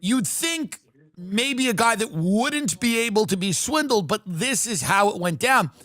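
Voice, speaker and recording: A male livestream host riffs sarcastically through a comedy rant. His pitch swings widely. The sound is dry and close. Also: a little slow, no room sound. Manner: animated, sarcastic, riffing.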